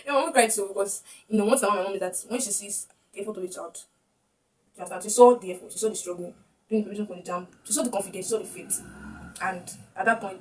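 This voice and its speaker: A young woman with a Nigerian accent telling a personal story to camera, emotional and often repeating her words. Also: medium pitch. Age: young adult. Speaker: vlogger. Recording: distant mic with faint background noise.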